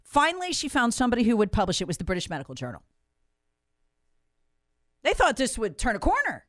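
A woman's voice: a little high, wildly swooping pitch, quick pace, pauses often, dry recording, studio quality. A woman, hosting and delivering an angry, emphatic monologue full of rhetorical questions. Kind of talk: impassioned monologue.

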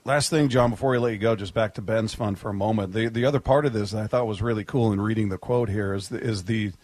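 A male radio host with a fairly low voice leads a casual interview. He is friendly and wraps up the segment. The sound is dry and close, like a studio booth. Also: fast, darkish tone, no echo.

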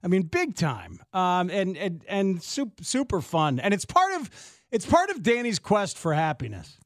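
Upbeat high-voiced male host. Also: huge pitch swings, unhurried, no room sound, clean studio sound. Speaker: sports talk host. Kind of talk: casual radio chat.

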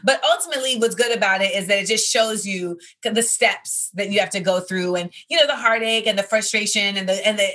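A woman's voice: mid-range voice, fairly quick, few pauses, fairly bright tone. A woman in her thirties, a comedian hosting a podcast segment, telling stories in a chatty, casual monologue. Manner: chatty, storytelling, full of fillers like "you know".

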